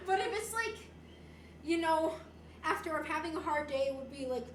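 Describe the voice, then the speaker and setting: A woman's voice: sits high, expressive, a little slow, a little hiss or hum. A young woman chatting casually on a livestream, answering viewer messages in a bubbly, giggly, playful way. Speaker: streamer. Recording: roomy echo.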